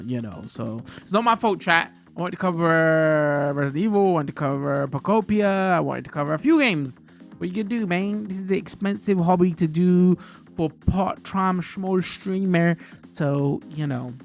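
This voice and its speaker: With a gravelly, fairly high-pitched voice, a man streams games and rants casually to his viewers, swearing openly throughout the live-stream chat.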